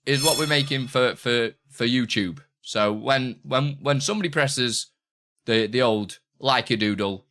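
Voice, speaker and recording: A man's voice: medium pitch, unhurried, a bit bright. A man chatting casually on a live stream and teaching streaming, rambling with many restarts.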